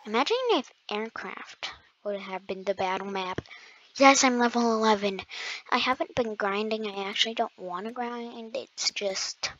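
A woman giving casual gameplay commentary, playful and self-mocking, with bursts of excited exclamations. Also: on the high side, normal speed, highs cut off. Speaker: gamer commentator.

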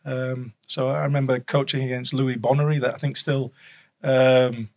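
A man's voice: medium pitch, flat delivery, normal speed. A middle-aged man, a guest telling rambling stories in a casual chat, chuckling and restarting often. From Yorkshire, England. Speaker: guest, former rugby league coach and official.

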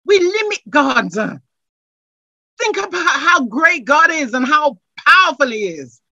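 A woman with a high-sitting voice preaches a sermon, moving from chatty asides to fervent, repeated declarations and rising into shouts. The recording is muffled but has no echo.

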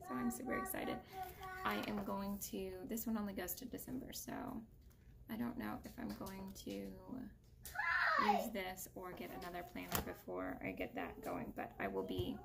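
A woman's voice: mid-range voice, wildly swooping pitch, normal speed, vocal fry. A young woman and homeschooling mom casually talking through books in a vlog, thinking aloud with fillers. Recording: loud background noise.

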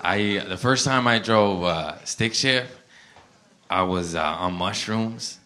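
A male stand-up comedian telling a profane, laid-back story on a club stage, with bursts of animated excitement. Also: lowish voice, takes it slowly.

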